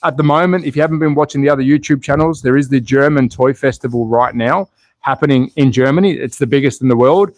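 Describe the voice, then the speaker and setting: A fast-talking Melbourne man with a mid-range voice hosts a casual slot car live stream, recorded with no echo. He chats away, thinks out loud, and responds to what viewers type in the chat.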